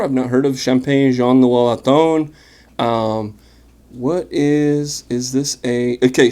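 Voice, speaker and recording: A man hosting a casual wine tasting, talking in a relaxed, chatty and enthusiastic way with plenty of fillers. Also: mid-range voice. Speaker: wine vlogger.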